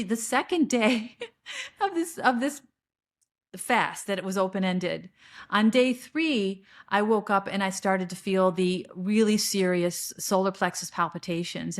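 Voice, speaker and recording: A middle-aged woman hosting a podcast, speaking a solo spiritual monologue in an earnest, searching way, often restarting her sentences. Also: mid-range voice. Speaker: podcast host.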